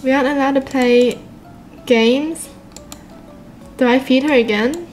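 A woman hosting a let's-play video, giggly and excitable, laughing often as she comments. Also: high-pitched, measured pace, soft background music. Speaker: gaming video host.

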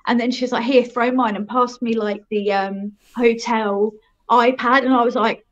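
Casting: young woman, frank and rambling storyteller, fairly high voice, dull recording. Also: fairly even intonation, moderate pace. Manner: frank, rambling, laughs at herself. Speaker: guest telling her life story. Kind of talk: casual storytelling.

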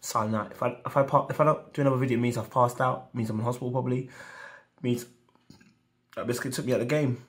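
A man's voice: mid-range voice, fairly even intonation, quick pace. A man reviewing snacks on his vlog, talking casually with slang and theatrical, exaggerated outrage. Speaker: food reviewer.

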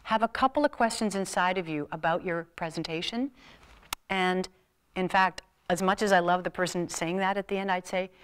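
A woman motivational speaker giving a live talk to an audience in a university lecture room, animated and playful, swinging her voice up and down. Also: normal speed, smooth. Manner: animated, playful, big swings in pitch and loudness. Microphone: room mic on a filmed talk.

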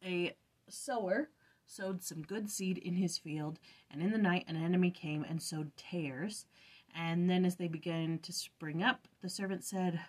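A woman's voice: fairly low pitch, measured pace, darkish tone, slightly rough. A woman hosting an early-morning scripture study, chatting casually and thinking aloud as she reflects.

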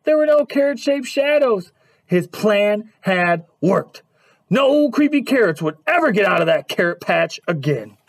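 A man reading a children's picture book aloud at story time, animated and asking his young listeners questions. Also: sits high, a little slow. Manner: animated, asks questions to listeners, lots of hums.

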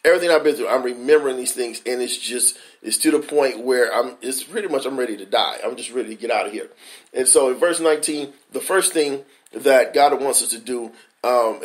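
A male pastor preaches in a mid-range voice, in an informal, conversational way. He circles back over the same phrases, asks rhetorical questions and stretches words out slowly to stress them. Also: mid-range voice. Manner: slows down for emphasis, acts out quoted inner voices. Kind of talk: devotional sermon.

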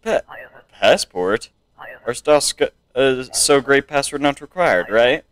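Medium in pitch, a bit bright, clear and resonant, the young man's voice moves a little slowly in a recording with no room sound. As a gameplay streamer, he chats casually while playing, reads the on-screen text aloud, and experiments with silly accents.

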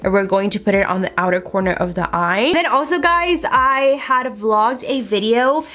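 A young woman with a fairly high voice chats while doing her makeup for her own channel. She is animated and casual, filling her talk with "like" and "girl" and acting out what people said. She sounds close to the camera mic, at home. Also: normal speed. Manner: animated, lots of "like" and "girl", acts out quotes. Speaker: beauty vlogger. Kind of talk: chatty get-ready-with-me storytelling.

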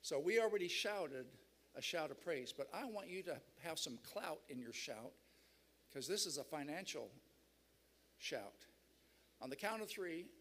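A man's voice: a little high, fairly bright tone. A man preaching a sermon at a church seminar, emphatic and rousing the crowd. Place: large church hall.

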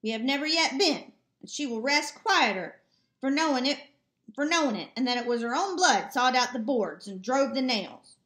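A woman's voice: sits high, lively intonation, normal speed, fairly bright tone, reverberant. Woman reading as a self-pitying old farmer. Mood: plaintive. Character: weary, stubborn old farmer father. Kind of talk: amateur audiobook reading.

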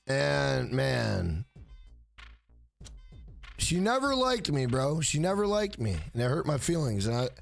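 A man's voice: medium pitch, big pitch swings, takes it slowly, creaky, long pauses, faint music behind. A man around forty, streaming a game live, hyping up and thanking his chat in a casual, profane way. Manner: hyped, profane, reads out viewer names.

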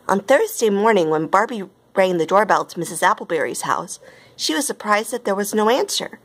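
A woman reading a storybook aloud as narrator, with gentle, even pacing. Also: medium pitch, brisk, husky.

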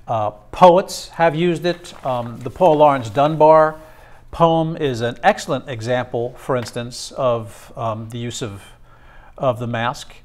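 A male instructor giving a classroom lecture, talking haltingly with many fillers and restarts. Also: mid-range voice.

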